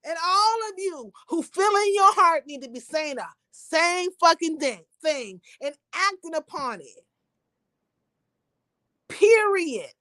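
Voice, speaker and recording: A woman's voice: very high voice, lively intonation, takes it slowly, bright, forceful tone, no echo. A woman hosting a livestream, talking to her viewers in an emphatic, profane, preachy way. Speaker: livestream host. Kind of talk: impassioned livestream rant.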